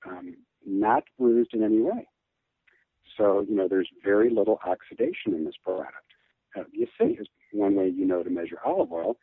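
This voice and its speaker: A man's voice: fairly low pitch, husky, no room sound. A man being interviewed as an olive oil distributor, talking earnestly and enthusiastically with frequent restarts. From Midwest US. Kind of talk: podcast interview. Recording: tinny phone line.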